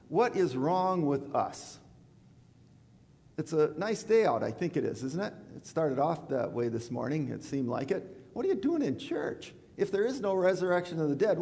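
A man preaching a sermon in a church, conversational and animated, acting out quoted voices. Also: high voice. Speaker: pastor. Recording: church hall reverb.

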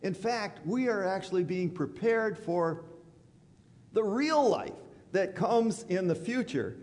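A man preaching a sermon in a church, conversational and animated, acting out quoted voices. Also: high-pitched, slow pace. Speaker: pastor. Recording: church hall reverb.

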